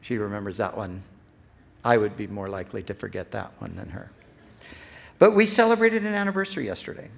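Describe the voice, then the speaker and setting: A man's voice: fairly low pitch, animated, fairly quick, vocal fry. A middle-aged man preaching a sermon as pastor. He speaks earnestly, building emphasis on repeated phrases, and restarts his sentences when he speaks off the cuff.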